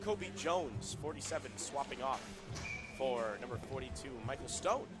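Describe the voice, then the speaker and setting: A man giving casual, chatty play-by-play commentary at an indoor roller hockey rink, with quick bursts of excitement. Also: mid-range voice, loud music behind the voice. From Southern California.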